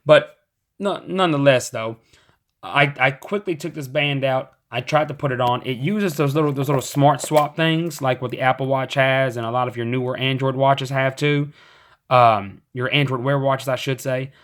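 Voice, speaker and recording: A man, a bit hoarse, reviewing a gadget in a casual, rambling way with many fillers and restarts. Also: mid-range voice, fairly even intonation, moderate pace, fairly bright tone. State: hoarse, voice going in and out. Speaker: tech reviewer.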